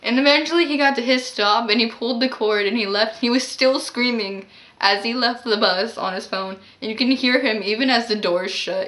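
Rambling young woman with a high voice. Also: a little fast, fairly bright tone. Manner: rambling, filler-heavy, exasperated asides. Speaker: vlogger. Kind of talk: casual storytime.

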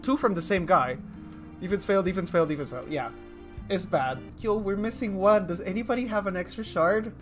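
A man from Colombia giving chatty, excitable gameplay commentary on a live stream, joking at his own expense and talking to viewers. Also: sits high, moderate pace. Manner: excitable, chatty, self-mocking, talks to chat. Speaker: game streamer. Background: faint game music.

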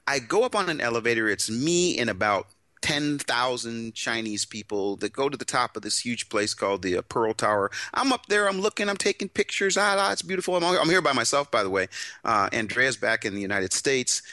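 A man's voice: medium pitch, fairly quick, no echo. A man co-hosting a casual talk, telling a story with many restarts and acting out other people in quotes. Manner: animated, restarts often, acts out voices in quotes. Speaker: co-host. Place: in Shanghai, China.

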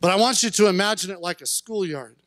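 In a church sanctuary, a male pastor with a voice that sits high for a man preaches fast and earnestly, his impassioned sermon climbing to fervent shouts at the peaks. The sound is close and dry, with no echo or sense of room.

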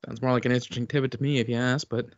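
A man's voice: medium pitch, fairly even intonation, racing, dry recording. Man, podcast co-host, wry quips, dry dull recording. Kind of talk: casual podcast chat.

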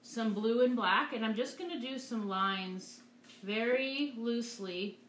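A woman's voice: fairly high pitch, unhurried, fairly bright tone, echoey room, slight background noise. A woman art teacher giving a live painting demonstration, upbeat and encouraging as she talks through each stroke. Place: art studio.

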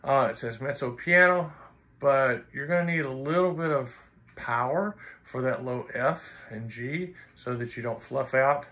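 A man's voice: medium pitch, unhurried, pushed and bright. A man teaching trombone in an instructional video, blunt and teasing, counting and singing rhythms aloud.

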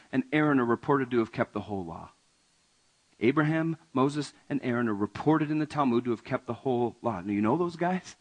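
A male pastor delivering a conversational sermon, often asking the congregation questions and swinging between raised emphasis and quiet asides. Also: mid-range voice, rough recording. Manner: conversational, asks the audience questions.

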